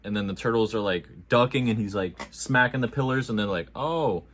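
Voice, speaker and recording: A man with a fairly low voice reviews a movie in a loose, casual way. He talks with lively energy, full of slang and jokes. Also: fairly quick, a little hiss or hum. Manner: animated, slangy and jokey.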